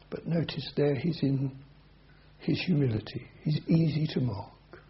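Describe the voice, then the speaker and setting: A man preaching an expository sermon, his voice high for a man and very husky. He reads scripture aloud and then explains it, dropping soft and then rising emphatic. The recording is dull and lo-fi. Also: a little slow.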